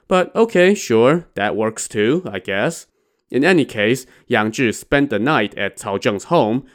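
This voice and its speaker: A man casually retelling a classic adventure novel, dropping in wry, irreverent asides. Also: mid-range voice. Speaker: storyteller.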